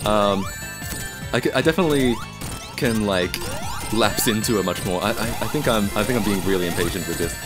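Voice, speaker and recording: Brief: male streamer from Australia, relaxed rambling chat, slightly low voice. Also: brisk, over music. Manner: rambling, reads chat aloud and answers it. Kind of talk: casual live-stream chat.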